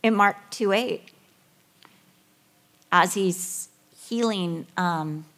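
A middle-aged woman giving a sermon, telling Bible stories with animated, acted-out dialogue. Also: on the low side, extremely slow. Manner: animated storytelling, acting out voices and whispers. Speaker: women's ministry speaker.

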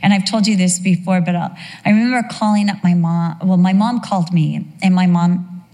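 A woman's voice: fairly low pitch, fairly even intonation, moderate pace, dark tone. A middle-aged woman preaching a sermon, telling a personal story in an emotional, emphatic way. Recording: long hall reverb.

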